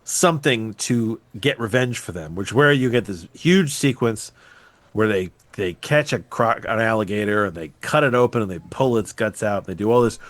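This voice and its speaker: A man hosting a podcast, casually recapping a movie with lively, profane storytelling. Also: fairly low pitch, moderate pace, no echo. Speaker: podcast host.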